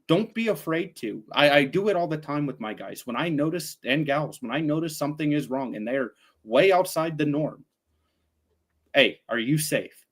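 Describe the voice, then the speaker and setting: A man's voice: a little high, animated, moderate pace. A man speaking as an interview guest, giving direct, plain-spoken advice. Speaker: guest, veteran nonprofit founder. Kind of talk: conversational interview.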